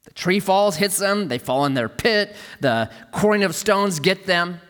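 A man preaching a sermon as a pastor, telling stories with animated energy and dropping to a hush for emphasis. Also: high voice, unhurried, big-room sound.

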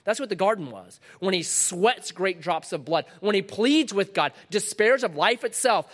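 A middle-aged man preaching a sermon to a congregation, dramatic, dropping to a hush and then rising loud again. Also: sits high, expressive, normal speed, hardly any pauses. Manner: dramatic, swings from loud to hushed. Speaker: pastor.

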